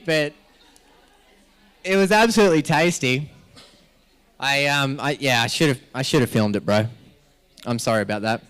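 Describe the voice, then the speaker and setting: A man's voice: fairly high pitch, fairly bright tone, clean tone. An Australian man hosting a live event as MC, joking and rambling through stories while laughing often. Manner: joking, rambling storyteller who laughs a lot. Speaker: MC at a health summit.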